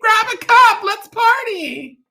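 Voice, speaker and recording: Giddy office-party women. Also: male voice, very animated, takes it slowly, creaky, sharp tone, exaggerated voice. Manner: shrill falsetto, bubbly.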